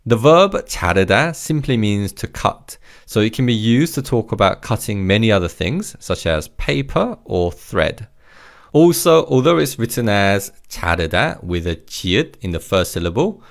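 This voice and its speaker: Male language tutor, lowish gravelly voice, upbeat and encouraging. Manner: encouraging, repeats each word slowly for learners. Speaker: Korean language teacher. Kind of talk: scripted language lesson.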